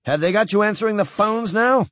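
A man's voice: high-pitched, brisk, fairly bright tone, no echo, pitched above the performer's own voice. A man playing a blunt, guarded naval officer. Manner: blunt, stiff.

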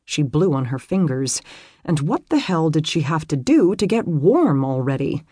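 Audiobook narrator, pitch swings all over, kinda husky, super dry close sound. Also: normal speed, dry recording. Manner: expressive, lively storytelling. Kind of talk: scripted narration of a romance novel.

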